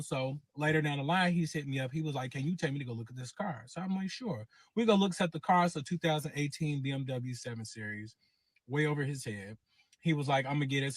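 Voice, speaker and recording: A man, casually telling a long personal story and acting out every quote with lively cursing. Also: mid-range voice, no echo. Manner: animated, acts out quotes with cursing. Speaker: guest telling his story.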